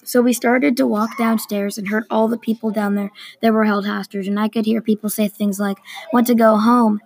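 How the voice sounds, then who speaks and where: A woman reading a story aloud at an even, unhurried pace, with small restarts. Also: mid-range voice, creaky, low-quality recording. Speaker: story reader.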